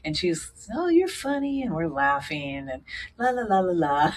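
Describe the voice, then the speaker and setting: A woman guest telling her story in casual chat, animated and laughing often. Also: deep voice, moderate pace, recorded from a distance, faint music behind.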